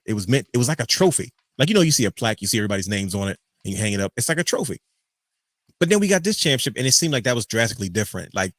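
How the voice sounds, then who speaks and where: Fast-talking low-voiced male host. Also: no room sound. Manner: animated, joking rants. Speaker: podcast host. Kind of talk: casual podcast chat.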